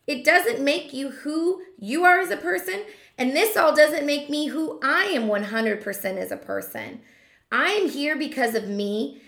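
A woman coaching fellow hairdressers in a motivational monologue, her fairly high voice swinging widely in pitch. She fires off rhetorical questions and slows right down to stress her points. The room around her is echoey. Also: a bit bright.

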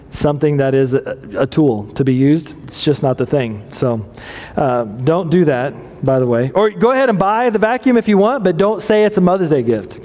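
A man in his forties gives a casual sermon made of family stories, folksy and full of jokes. He keeps checking in with the audience with quick questions. His voice sits a little high and carries a long reverb from a large hall. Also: dark tone. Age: 40s. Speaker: pastor.

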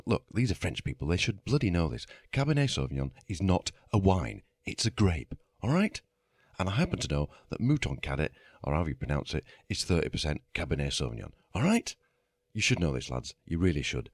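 A man's voice: low voice, sing-song, brisk, slightly rough, dry recording. A middle-aged man, ranting sweary and mock-outraged as a podcast host. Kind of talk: comic monologue rant.

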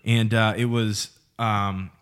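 A man in his late twenties hosting a podcast, telling a story in animated casual chat and laughing as he goes. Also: fairly low pitch, takes it slowly, smooth. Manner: animated storyteller who laughs mid-sentence. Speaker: podcast host.

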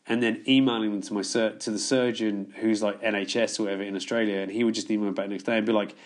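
A man's voice: lowish voice, fairly even intonation, fast talker. A man telling long stories in casual podcast chat, swearing freely and laughing as he goes. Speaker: podcast guest.

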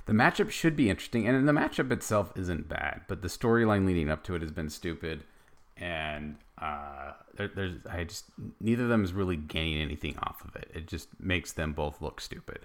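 A man from the United States co-hosting a casual chat, blunt and animated, sometimes jumping into high exclamations. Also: a little fast. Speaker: podcast co-host.

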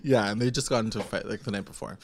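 A man's voice: on the low side, fairly even intonation, racing, vocal fry, no room sound. A young man casually recapping a TV episode, rambling with lots of filler words and frequent laughs. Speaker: podcast co-host recapping a TV episode. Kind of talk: casual chat.

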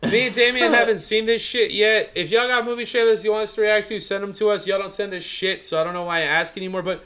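A tipsy man co-hosting a podcast, with a fairly high voice. He rambles in casual chat, swears freely and fills every gap with "like". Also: fairly even intonation, fast, bright, forceful tone, clean tone. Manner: rambling, swears a lot, says "like" constantly. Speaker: podcast co-host.

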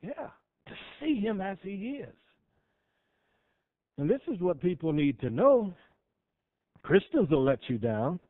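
A man with a fairly high voice preaches a sermon, swinging from loud, emphatic peaks down to hushed, slow phrases. The sound is thin and phone-like, with a dry, close feel. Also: sing-song, no room sound. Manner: swells loud then drops soft, dramatic pauses. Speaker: pastor.

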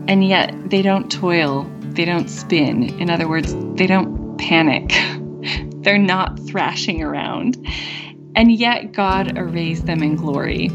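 A middle-aged woman hosting a podcast, telling a dream story in a soft, reflective way, with many "like" fillers and light laughs. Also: on the low side. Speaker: podcast host. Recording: dull lo-fi audio with faint guitar.

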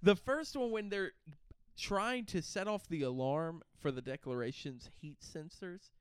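A man chatting casually about a movie, laughing often and acting out lines in loud comic voices. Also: fairly high pitch, a little slow, clean tone, no echo, clean studio sound. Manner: laughs often, acts out quotes in a loud cartoonish voice.

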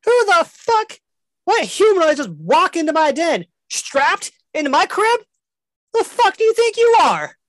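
A woman's voice: very high voice, sing-song, unhurried, dry recording, pitched above the performer's own voice, heavily acted. Woman doing a foul-mouthed street-talking dragon. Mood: hostile. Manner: profane, aggressive street slang. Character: crude ugly male dragon hoarding in a den.

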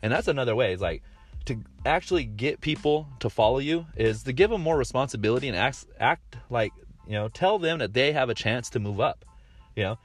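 Rambling, blunt man talking casually. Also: mid-range voice. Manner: rambling, frequent fillers and restarts, blunt with swearing. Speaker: podcast host. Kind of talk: casual monologue.

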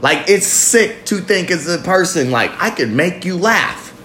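A man's voice: high voice, lively intonation, a little slow, pushed and bright, slight background noise. A man hosting a live recovery talk show, talking loosely and profanely in a confessional monologue, sometimes drawing out his words. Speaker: podcast host.

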